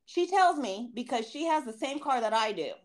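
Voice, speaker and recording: Brief: high-voiced woman, very animated, fired-up swearing rant, casual podcast host. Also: moderate pace. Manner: profane, heated ranting with acted-out quotes. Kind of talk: casual chat.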